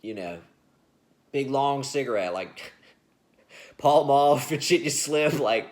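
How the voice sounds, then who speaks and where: A man's voice: mid-range voice, lively intonation, slow pace. An adult man telling a story in a casual, rambling monologue, laughing often and restarting sentences as he hosts his show.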